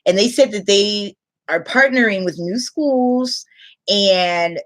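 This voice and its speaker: A woman's voice: mid-range voice, takes it slowly. A young adult woman, an online English teacher, chatting casually on a livestream, reading out viewer comments and laughing often.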